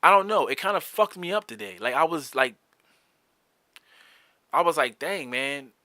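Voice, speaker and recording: A man's voice: on the high side, animated, normal speed, pushed and bright, no echo. A young man hosting a solo podcast, talking candidly in a heated, profane, rambling way with frequent restarts. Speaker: podcast host.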